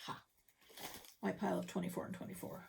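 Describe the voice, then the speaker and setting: A woman's voice: a little fast, darkish tone, slight background noise. A middle-aged woman showing her cross-stitch projects in a casual home vlog, chatty and self-deprecating with rambling asides. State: a little out of breath. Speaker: stitching vlogger. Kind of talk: casual show-and-tell vlog. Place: home craft room.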